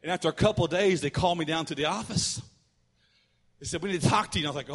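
A man preaching through a personal story, animated and acting out the voices of the people in it. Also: fast. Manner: animated, acts out quotes with big swings of pitch and volume. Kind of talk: sermon storytelling. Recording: long hall reverb.

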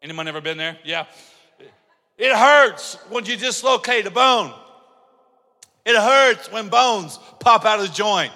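A man preaching a sermon as pastor, telling stories and acting out dialogue, building up to shouting. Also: sits high, takes it slowly, long pauses. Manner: animated storytelling, acts out dialogue, builds to shouting. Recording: long hall reverb.

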